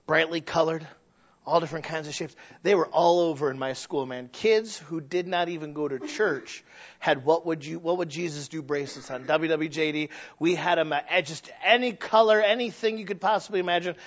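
A high-voiced man preaching a sermon, jumping from shouted, strained bursts down to soft, low asides. He acts out his listeners' excuses in exaggerated voices. The recording is dull and muffled. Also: normal speed. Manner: swings from loud shouting to quiet, low asides. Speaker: pastor.

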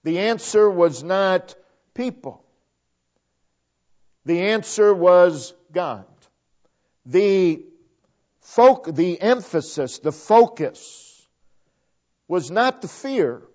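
Slow, deliberate preacher man. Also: high voice, lively intonation, darkish tone. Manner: slow, deliberate, repeats phrases for emphasis. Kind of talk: sermon. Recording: dull lo-fi recording.

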